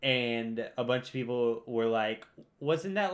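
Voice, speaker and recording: A man's voice: mid-range voice, steady tone, a little slow. A young man co-hosting a podcast, rambling and teasing in casual chat. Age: young adult. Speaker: podcast co-host.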